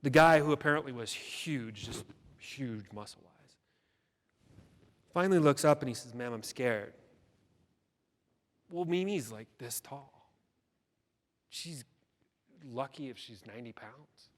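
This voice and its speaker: A man's voice: mid-range voice, animated, unhurried, long pauses, fairly bright tone. Man telling a story in a reverberant hall. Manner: dramatic storytelling with quoted voices. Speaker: keynote speaker. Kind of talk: storytelling keynote speech.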